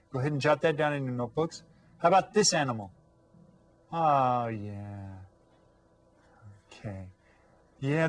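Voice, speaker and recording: Man teaching young kids, slow and encouraging. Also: medium pitch. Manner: slow, drawn-out modeling of words for children to repeat. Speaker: Spanish teacher. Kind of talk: elementary school video lesson.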